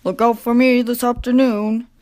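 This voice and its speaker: A woman's voice: fairly high pitch, level tone, moderate pace, darkish tone, lightly acted. A woman voicing a big, proud male steam engine who boasts and grumbles, in a storybook reading. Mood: boastful.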